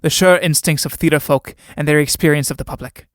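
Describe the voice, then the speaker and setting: A man's voice: on the high side, fairly even intonation, fairly quick, dry recording, clean studio sound, close to an everyday voice. A man voicing an ambitious male playwright in a read-aloud play, speaking in a boastful, grandiose way.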